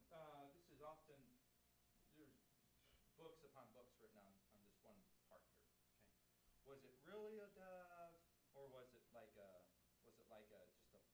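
A man's voice: fairly high pitch, slight background noise, rough recording. Man preaching a sermon. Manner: teaching through scripture, with frequent restarts. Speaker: guest preacher.

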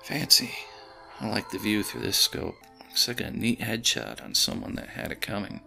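A man voicing a weathered, wry bearded man who talks in a hushed, joking drawl. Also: on the low side, very animated, moderate pace, vocal fry, faint music behind, heavily acted.

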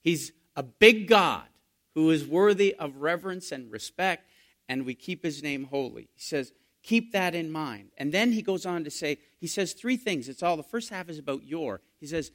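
A male pastor preaching a sermon, asking his listeners questions and moving between hushed and emphatic delivery. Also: fairly high pitch, lively intonation, moderate pace. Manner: dynamic preaching, asks the congregation questions, swings from hushed to loud.

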